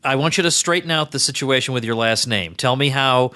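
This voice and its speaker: Bright-toned male host, energetic interviewer. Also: medium pitch, brisk. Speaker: podcast host. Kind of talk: casual interview.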